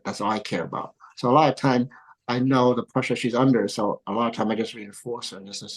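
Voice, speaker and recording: A middle-aged golf coach and pro golfer's father, who came to America as a kid, tells animated stories in a podcast interview, laughing often and acting out others' voices. He speaks briskly in a lowish, steady, slightly rough voice, on a low-quality recording.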